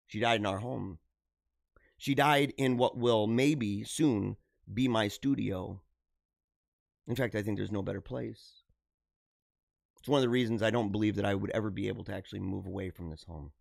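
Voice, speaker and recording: A middle-aged man hosting a live show, talking earnestly and haltingly to his viewers, often repeating himself and restarting phrases. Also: medium pitch, gravelly, dry recording, clean studio sound. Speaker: livestream show host. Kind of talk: emotional personal monologue to viewers.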